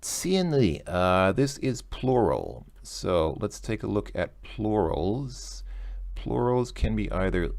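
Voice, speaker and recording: A man with a low, gravelly voice walks through a language exercise out loud. He muses and second-guesses himself as he goes, pausing to check his answers. His tone stays conversational and unhurried. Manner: hesitant, self-correcting, musing aloud. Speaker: language tutor. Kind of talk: thinking-aloud lesson walkthrough.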